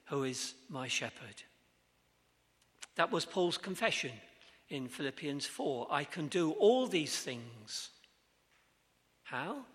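Slow earnest preacher in a reverberant hall. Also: male voice, fairly high pitch, a bit bright. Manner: slow, earnest, with rhetorical questions to the congregation. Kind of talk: sermon.

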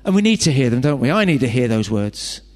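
A man's voice: mid-range voice, sing-song, fast, a little mellow. A man preaching a sermon, chatty and full of rhetorical questions and joking asides. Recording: long hall reverb.

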